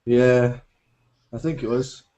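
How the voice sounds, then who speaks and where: A man's voice: mid-range voice, fairly even intonation, slow pace, mellow, dull audio. British man, podcast co-host, hesitant, filler-heavy, casual. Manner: hesitant, many ums.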